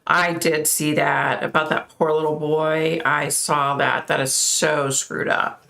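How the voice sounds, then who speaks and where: A woman's voice: low voice, little pitch movement, takes it slowly, vocal fry, pushed and bright. A woman hosting a casual livestream, chatting and reacting aloud to viewer comments. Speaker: livestream host.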